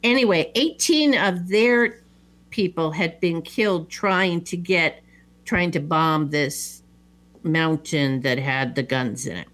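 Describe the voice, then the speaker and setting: A woman's voice: lowish voice, takes it slowly, fairly bright tone. A woman host casually retelling a film plot, rambling with many ums and asides. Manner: rambling storyteller with many fillers. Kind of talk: casual movie recap.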